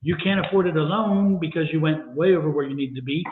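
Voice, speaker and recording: A man co-hosting a livestream tarot reading, deliberate and emphatic with a wry edge. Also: on the high side, slight background noise. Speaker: tarot reader and co-host. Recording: tinny phone-like sound in an echoey room.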